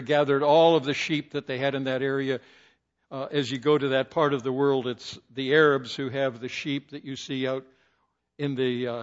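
A man's voice: on the high side, highs cut off. An older man preaching a sermon, telling stories and quoting scripture with rising emphasis. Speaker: pastor.

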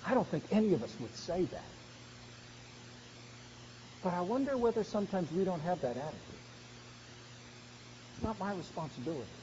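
A man's voice: sits high, very animated, fairly quick, pauses often, mellow, slight background noise. A man preaching a sermon, earnest and growing emphatic as he presses his point. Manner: earnest, rising to emphatic exhortation. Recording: dull sound with long hall reverb.

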